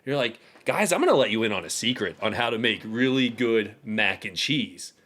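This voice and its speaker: A man's voice: on the low side, expressive, moderate pace, a bit bright. A man co-hosting a podcast in casual chat, telling a story animatedly and teasing his friend. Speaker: podcast co-host.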